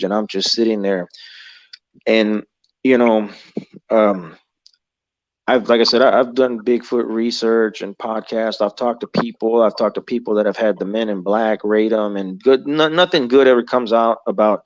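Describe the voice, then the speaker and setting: Speaking in a lowish, steady voice at normal speed, a thirty-something guest casually recounts an encounter, swearing, rambling, and voicing the other people involved. The recording is dry, dull, and muffled.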